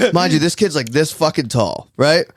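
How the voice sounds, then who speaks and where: A man's voice: a little high, very animated, unhurried, dry recording, clean studio sound. A man hosting a casual podcast, telling a rambling, profane story and laughing often. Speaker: podcast host.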